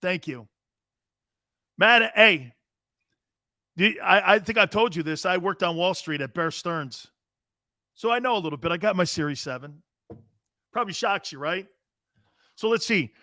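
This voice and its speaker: Brash middle-aged man with a bright, punchy voice. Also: high-pitched, lively intonation, a little slow, long pauses, no echo, studio quality. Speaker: sports talk show host. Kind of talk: casual live-stream talk, reading chat.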